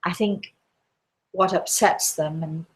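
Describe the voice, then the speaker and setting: A woman hosting a live show as a medium, gently reassuring listeners and calling them darling. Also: on the low side, fairly even intonation, slow.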